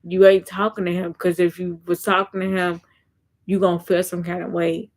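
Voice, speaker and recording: A woman's voice: on the low side, level tone, moderate pace, darkish tone. A woman content creator giving casual faith talk on a live stream, reading viewer comments aloud and answering them earnestly, often repeating herself.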